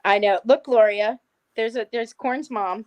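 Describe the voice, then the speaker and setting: A woman co-hosting a casual livestream chat, animated and quick to chime in, and she talks to her dog as she goes. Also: fairly high pitch.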